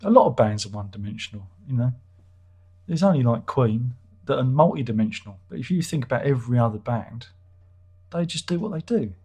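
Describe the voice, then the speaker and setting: Husky rambling man on a livestream. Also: mid-range voice, lively intonation, brisk, darkish tone. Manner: rambling, self-interrupting, wry. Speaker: livestream host reading chat. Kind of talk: casual livestream chat.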